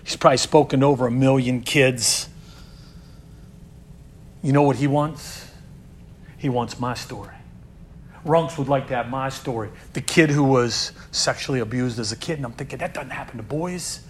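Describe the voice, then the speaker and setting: A man who leads a youth group, telling stories in an inspirational sermon, earnest and repeating words as he builds, dropping to a hush and then rising loud. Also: medium pitch, fairly even intonation, normal speed, pauses often, slight background noise. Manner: earnest, swings from hushed to loud emphasis.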